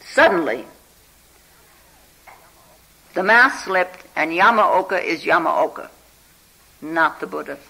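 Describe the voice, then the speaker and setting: Meditation teacher, bright sharp-edged voice, very lively pitch; conversational talk that keeps checking in with the listeners. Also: gravelly, rough recording. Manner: often checks in with listeners with "hmm?" and "huh?"; unhurried and conversational, full of "you know". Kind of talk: spiritual talk telling a Zen story.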